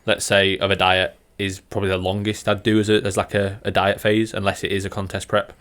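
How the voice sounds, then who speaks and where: Man, very deep voice, fitness coach, casual podcast chat, lots of fillers. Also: completely flat delivery, brisk, fairly bright tone. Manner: explains plainly, with many fillers and restarts.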